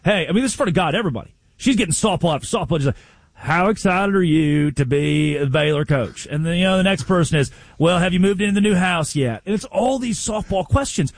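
A man's voice: sits high, quick pace, no echo. A man co-hosting a casual sports talk show, telling stories and acting out the coaches he quotes, often restarting his sentences. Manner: animated storyteller, acts out quoted coaches.

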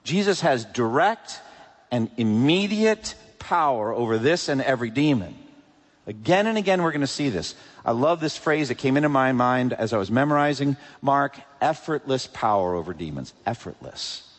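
A man preaching a sermon with emphatic swings between loud peaks and hushed drops. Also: medium pitch, expressive, normal speed, in a large hall. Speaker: pastor.

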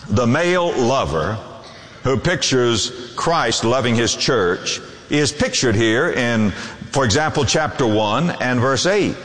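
A man's voice: mid-range voice, a bit bright. A man preaching a sermon, reading scripture aloud and expounding it with sweeping emphasis. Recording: long hall reverb.

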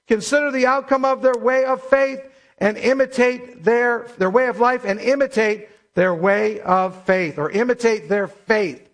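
A pastor delivers a sermon in a notably high voice. He preaches emphatically and slows down to stress the scripture he quotes. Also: a bit bright. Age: middle-aged or older.

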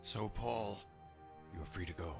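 An actor playing a stern, conflicted Roman officer, firm and grave. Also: male voice, on the low side, a little slow, lightly acted. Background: music.

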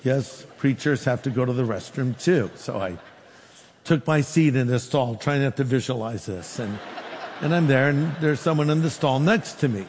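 A man pastor preaching a sermon, telling a story with lively quoted dialogue. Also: mid-range voice, moderate pace, in a large hall, a little hiss or hum.

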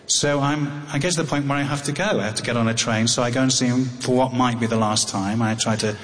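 A middle-aged English man telling a personal story live, halting and wry, with frequent restarts. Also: mid-range voice, fairly bright tone. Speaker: storyteller on tour. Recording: long hall reverb, faint noise.

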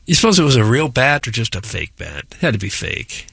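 A man's voice: mid-range voice, big pitch swings, a little fast, gravelly, a bit bright, husky, no room sound, studio quality. A man co-hosting a talk radio show, musing in rambling casual asides. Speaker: radio co-host.

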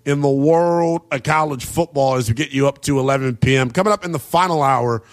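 Speaking briskly in a medium-pitched voice, this man hosts late-night college football talk radio from a studio. He's brash and full of jokes while working through the scores and his takes.

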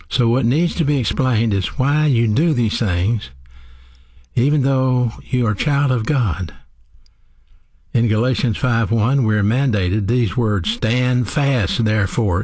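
A man delivers a sermon as a Bible teacher, pacing his points deliberately and posing rhetorical questions. His voice is on the low side with a husky edge. The recording is dry and close, with no room sound. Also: darkish tone, no echo.

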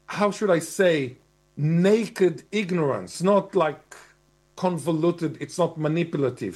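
A man's voice: fairly high pitch, husky. A man delivering a wry, lecturing monologue of commentary, emphatic and given to spelling out words. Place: Australia.

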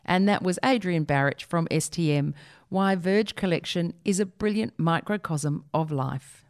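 A woman's voice: on the low side, normal speed, a little mellow. A woman, reading a humorous opinion piece aloud on the radio with a wry, lightly comic delivery. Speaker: radio reader.

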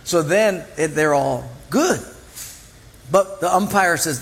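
A man with a voice on the high side preaches slowly in a church, with long hall reverb. He tells illustrative stories in an animated way, acting out the voices of the people in them.

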